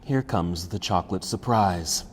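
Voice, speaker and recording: Low-voiced man leading a yoga class. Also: measured pace, big-room sound, noisy background. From United States. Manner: calm cueing of poses and breaths. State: a little out of breath. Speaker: yoga teacher. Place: yoga studio.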